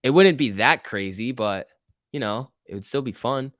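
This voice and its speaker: A man's voice: mid-range voice, animated, moderate pace, fairly bright tone, no echo, studio quality. A young man hosting a casual stock-market live stream, reading viewer comments aloud and cheering the chart on. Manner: chatty, reacts to chat and price moves, cheering the chart on. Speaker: stock market livestream host.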